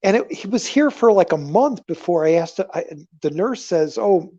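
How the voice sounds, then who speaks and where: A man hosting a casual livestream, rambling through stories with animated swings between loud remarks and murmured asides. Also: high-pitched, moderate pace, no room sound. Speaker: livestream host. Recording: dull lo-fi livestream audio.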